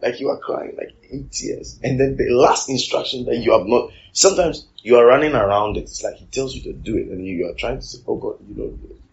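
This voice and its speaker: A man's voice: medium pitch, a little fast, few pauses, dull audio. A man preaching a sermon, repeating his phrases and putting rhetorical questions to the congregation.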